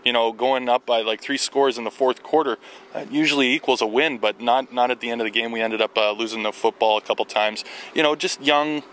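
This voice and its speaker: A man, a university football coach being interviewed outdoors, eager and halting with many restarts. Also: medium pitch, a bit bright, a little hiss or hum, poor audio. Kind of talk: sports interview. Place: outdoors at a ballpark.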